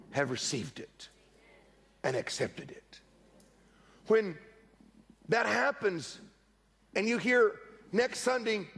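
A middle-aged man preaches in church with a high, gravelly voice that has a husky edge. He delivers an animated sermon and slips into the voices of the people in his stories. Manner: animated storytelling preacher, acts out quoted voices. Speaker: pastor.

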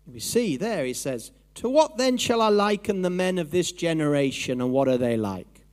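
Animated, conversational male preacher. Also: fairly high pitch, moderate pace. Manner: animated, conversational, acts out inner voices. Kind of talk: sermon.

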